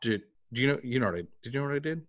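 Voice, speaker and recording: A man from New York, a guest on a podcast, telling stories in an animated, casual way with frequent restarts. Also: medium pitch, very fast. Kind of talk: casual interview chat.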